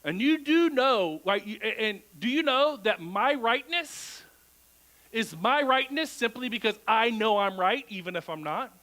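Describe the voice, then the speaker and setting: A man's voice: very high-pitched, a little slow, poor audio. A male pastor preaching a conversational sermon in a church, often checking in with the congregation through rhetorical questions. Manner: animated, asks the crowd rhetorical questions.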